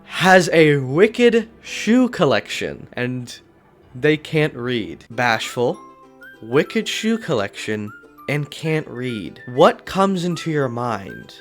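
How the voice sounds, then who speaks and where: A man's voice: medium pitch, sing-song, slow, soft background music. A man doing a casual commentary vlog about a cartoon, talking in a crude, sarcastic, rambling way with lots of swearing. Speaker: commentary YouTuber.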